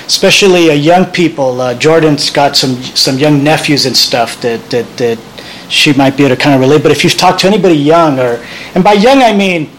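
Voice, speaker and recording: A man's voice: fairly high pitch, brisk, fairly bright tone, a little hiss or hum, poor audio. A man hosting a talk show, reading from a book and commenting in a conversational way, with frequent restarts and tag questions.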